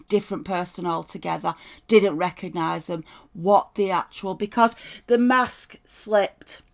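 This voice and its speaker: A woman's voice: medium pitch, gravelly. A woman giving a casual tarot reading in a chatty way, often checking in with "right?" and swearing freely. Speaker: tarot reader.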